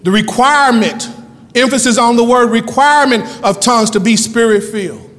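A male pastor preaching a sermon in a church, moving between quick asides and loud shouted lines. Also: very high-pitched, in a large hall. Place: church sanctuary.

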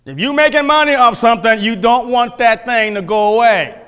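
A male pastor preaching with an emphatic, questioning style, repeating key phrases. His voice is high and bright. The sound carries a long reverb from a church hall. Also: normal speed, clean tone. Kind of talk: sermon teaching from scripture.

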